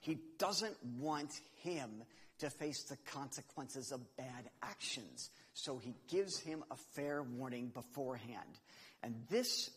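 Husky-voiced man preaching in a hall. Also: medium pitch, a bit bright. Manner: earnest, explanatory, reads Scripture aloud. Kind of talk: sermon.

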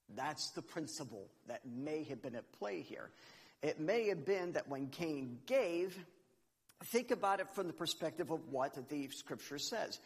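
Guy preaching a sermon, earnest and explainy, slightly raspy, big hall echo. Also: on the high side. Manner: earnest, explanatory, reads Scripture aloud.

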